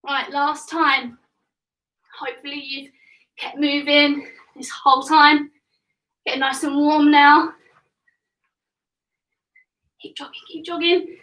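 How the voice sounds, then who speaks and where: A woman's voice: high-pitched, flat delivery, slow, pauses often, sharp tone, echoey room, far from the mic, low-quality recording. A young woman coaching a live home workout for children, upbeat and encouraging as she counts reps and gets a little out of breath. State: getting out of breath. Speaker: kids fitness coach. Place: home room.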